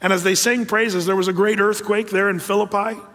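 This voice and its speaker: A man's voice: sits high, level tone, fairly quick, pushed and bright. A man preaching a conversational sermon, with many fillers and restarts. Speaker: pastor. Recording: long hall reverb.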